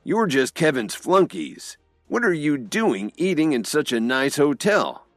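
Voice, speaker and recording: A man voicing an arrogant, threatening uncle who speaks proudly and loudly. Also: fairly high pitch, sing-song, unhurried, no echo, faint music behind, pitched above the performer's own voice.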